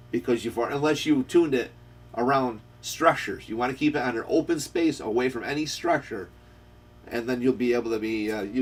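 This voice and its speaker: Husky-voiced man talking radio gear from afar. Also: medium pitch. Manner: rambling, storytelling with quoted dialogue. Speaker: radio shop host. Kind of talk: casual chat about ham radio. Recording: voice picked up from a distance.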